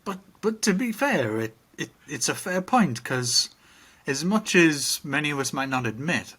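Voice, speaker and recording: A man's voice: fairly high pitch, big pitch swings, unhurried, bright, forceful tone, slightly rough. A middle-aged man co-hosting a casual podcast, reflective and rambling with restarts. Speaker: podcast co-host. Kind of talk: casual chat.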